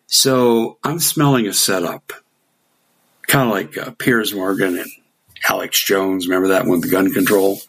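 A middle-aged man with a low, husky voice tells a story in a casual way. He acts out the back-and-forth of a conversation, chuckling now and then. His delivery stays relaxed and lively. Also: a little slow. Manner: animated anecdote with quoted dialogue and chuckles. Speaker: guest telling a story.

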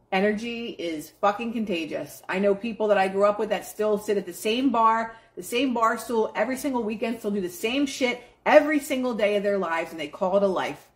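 A woman's voice: medium pitch, brisk, hardly any pauses. A woman hosting a live stream, giving a casual motivational pep talk to her chat in a blunt, profane, emphatic way.

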